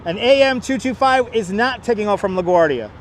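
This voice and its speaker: This high, expressive male voice moves a little fast over a faint hiss or hum. He's running an outdoor planespotting livestream by an airport, trading jokes and naming arriving flights in casual live commentary through a wireless clip-on mic.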